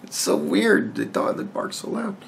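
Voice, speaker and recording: A man's voice: sits high, normal speed, creaky, slight background noise. A man talking alone in a casual podcast monologue, blunt and profane, rambling with frequent restarts. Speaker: podcast host.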